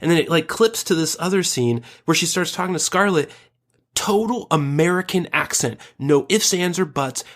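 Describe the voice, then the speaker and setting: A man co-hosting a casual podcast, joking crudely and turning over theories out loud. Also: fairly high pitch, animated, normal speed. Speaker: podcast co-host.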